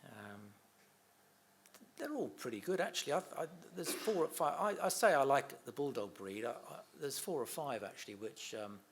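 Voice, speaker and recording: A man's voice: medium pitch, animated, normal speed, fairly bright tone, a little hiss or hum. Chatty middle-aged man telling anecdotes. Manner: chatty storyteller, laughs often, acts out quotes. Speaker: interviewee, son of a comedian. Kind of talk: anecdotal interview chat.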